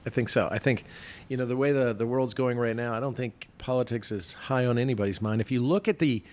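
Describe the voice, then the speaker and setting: A man of middling pitch co-hosting a casual political podcast. He talks in a loose, conversational way, often restarting his sentences. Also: fairly quick, darkish tone. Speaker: podcast co-host, former senator.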